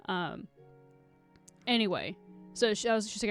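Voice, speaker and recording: A woman's voice: medium pitch, very animated, moderate pace, soft background music. A young woman streaming live, telling a rambling story to her chat, swearing a lot and close to tears.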